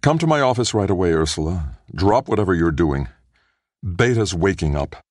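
A man voicing an excited male professor in an audiobook, talking with astonished urgency. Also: sits low, normal speed, no room sound, studio quality, pitched above the performer's own voice. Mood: urgent. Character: excited male professor leading a space mission. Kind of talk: audiobook character voice.

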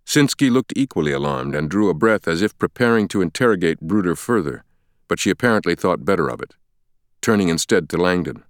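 A man reading a thriller audiobook as narrator, in a measured storytelling delivery. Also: low voice, expressive, no echo, clean studio sound. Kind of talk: scripted narration.

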